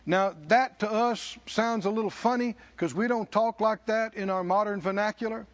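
A male preacher leads his congregation in call-and-response during a sermon, delivering slow, emphatic lines. His voice is high-pitched with fairly even intonation, and the recording has its highs cut off.

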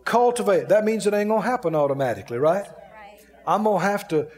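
A man's voice: sits high, expressive, fast, a little mellow. Man preaching a playful sermon in a hall. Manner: playful, mimics grumbling, laughs often. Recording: long hall reverb.

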